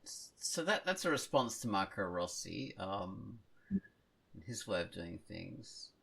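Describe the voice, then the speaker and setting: A man's voice: low-pitched, very animated, takes it slowly, vocal fry, sharp tone, slightly rough. A man hosting a casual podcast, playful and joking as he introduces segments. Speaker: podcast host. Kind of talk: casual chat.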